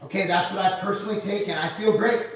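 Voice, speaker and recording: A man's voice: sits high, steady tone, fast, very echoey, distant mic. A man hosting a casual live Q&A, reading viewer comments aloud and answering them in a blunt, profane, sarcastic way.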